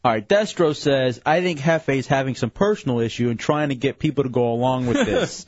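A man's voice: mid-range voice, lively intonation, fairly quick, dry recording. A man co-hosting a radio show in playful casual chat, reading out listener messages. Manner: playful, laughing. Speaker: radio host. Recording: dull, dry lo-fi radio recording.

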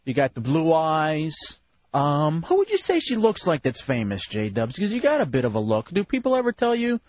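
A male radio host with a high voice that leaps up and down as he teases his guests. He talks in loose, crude banter and laughs often. The recording is slightly muffled. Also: wildly swooping pitch, normal speed, darkish tone. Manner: jokey and teasing, laughs often.

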